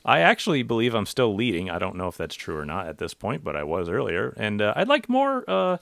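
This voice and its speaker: A man's voice: on the low side, wildly swooping pitch, fairly quick, creaky, a bit bright, dry recording. A man hosting a podcast in casual chat, joking and rambling with his co-hosts. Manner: joking, rambling, self-deprecating. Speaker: podcast host.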